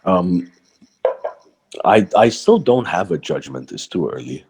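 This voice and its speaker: A man's voice: low voice, big pitch swings, measured pace, a little mellow, breathy edge. A man from Bahrain, a voice-over artist, talking reflectively as a podcast guest with frequent fillers and restarts. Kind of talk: casual interview talk.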